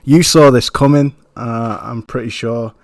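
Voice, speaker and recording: A man's voice: mid-range voice, a little slow, dry recording, studio quality. A man hosting a gaming podcast, playful and hyping his guests, eating while talking. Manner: playful, hypes guests up, says "bro" a lot. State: eating during the show. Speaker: podcast host. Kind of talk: casual chat.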